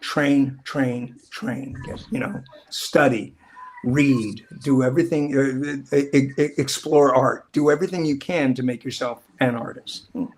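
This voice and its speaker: A middle-aged actor telling stories in a casual interview, rambling and acting out quoted lines in different voices. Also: male voice, mid-range voice, a little slow. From Southern California. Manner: rambling, animated, acts out quotes. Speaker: actor guest.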